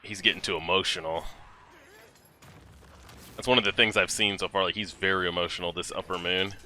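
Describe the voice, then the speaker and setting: Excitable man reacting to anime, bright-toned. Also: low voice, fairly quick. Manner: excitable, swears, talks back at the screen. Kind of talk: casual reaction commentary.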